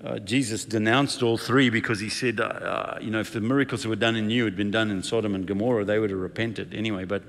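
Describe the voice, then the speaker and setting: A man preaching a sermon, telling a story in a lively, conversational way. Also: on the low side, fast talker, few pauses, in a large hall.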